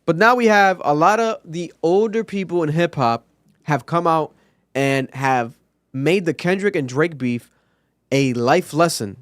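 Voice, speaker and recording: Casting note: male podcast co-host, smooth clear voice, dry close sound, casual and animated. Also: a little high, measured pace, no echo. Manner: animated, talks through points out loud.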